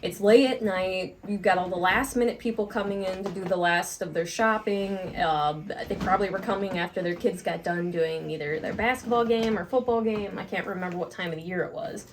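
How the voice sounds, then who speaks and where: A woman co-hosting a podcast, telling a workplace story in a frank, animated way and swearing casually. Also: mid-range voice, brisk, hardly any pauses, a little hiss or hum. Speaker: podcast co-host.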